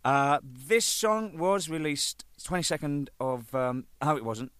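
A man, a band drummer telling anecdotes in an animated way, swearing freely and laughing at his own jokes. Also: fairly high pitch, a little slow, smooth, dry recording. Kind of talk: anecdotal storytelling.

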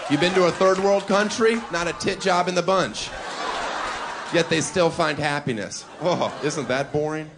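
A man working a stand-up set with a mocking, provocative edge and a slightly high voice. He plays to the room from a club stage mic. Audience laughter and steady noise fill the background. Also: normal speed, a crowd in the background. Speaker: stand-up comedian.

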